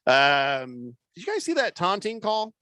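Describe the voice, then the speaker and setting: A male sports radio host with a bright, fairly high voice, chatting casually on air. His talk is halting, full of "uh"s and restarts, and the studio sound is dry and close. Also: wildly swooping pitch, no echo. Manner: halting, lots of fillers and restarts.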